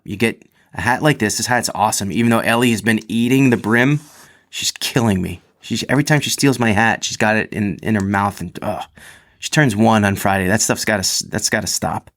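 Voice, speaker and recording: A man hosting a running podcast, chatting casually with restarts and then reading a listener's story aloud with growing animation. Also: fairly low pitch. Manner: rambling, self-correcting, animated when reading. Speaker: podcast host.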